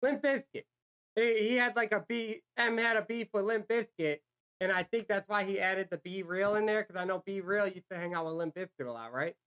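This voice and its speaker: A woman hosting a music reaction video, rambling excitably and swearing freely as she comments. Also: medium pitch, moderate pace, smooth.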